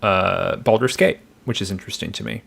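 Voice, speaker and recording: A man's voice: fairly low pitch, fairly quick, vocal fry, fairly bright tone, breathy edge. A man co-hosting a podcast, chatting in a laid-back, teasing way. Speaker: podcast co-host. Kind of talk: casual podcast chat.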